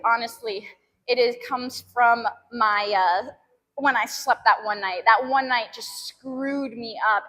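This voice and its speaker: A woman in her twenties chats casually with her live viewers from the gym. She laughs often and groans at her sore muscles. Her voice is high and bright, with a long echo from the big room. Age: 20s. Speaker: fitness streamer.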